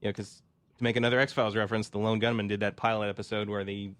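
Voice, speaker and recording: A man's voice: fairly low pitch, little pitch movement, fast talker, a bit bright. A man co-hosting a casual talk show who makes dry, joking asides. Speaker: podcast co-host. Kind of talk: casual chat.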